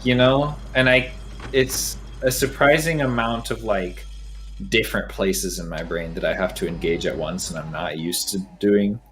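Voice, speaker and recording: A man's voice: sits low, moderate pace, a bit bright. A man co-hosting a game stream in casual chat, rambling with many fillers and reading chat aloud. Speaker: streamer, co-host.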